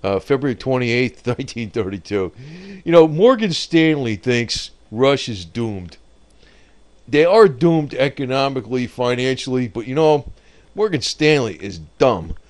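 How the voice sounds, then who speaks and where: Male, mid-pitched, rambling off-the-cuff market commentator who laughs at his own jokes. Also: animated, measured pace.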